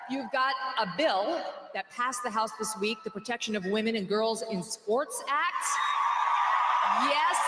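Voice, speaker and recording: A woman delivers a rally speech in a bright, sharp voice, trading in sarcasm and mocking jokes. Her words ring out through a large, echoey hall with a long reverb tail and faint crowd noise beneath. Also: fairly high pitch. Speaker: rally speaker.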